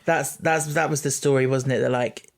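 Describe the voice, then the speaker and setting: A man co-hosting a casual podcast, explaining points in a steady way. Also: mid-range voice, moderate pace, creaky. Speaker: podcast co-host. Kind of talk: casual chat.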